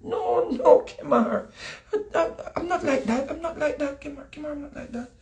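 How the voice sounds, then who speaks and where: A man's voice: extremely high pitch, moderate pace, creaky, a little mellow, pitched above the performer's own voice. A man voicing a flustered woman with a Jamaican accent who protests that she is not after money, repeating herself. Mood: protesting. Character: pleading woman denying she wants money.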